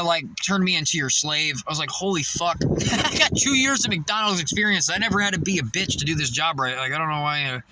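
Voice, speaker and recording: A man's voice: fairly high pitch, noisy background. A man telling a casual, profane story about coworkers, laughing often and acting out their voices. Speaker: fast-food worker venting.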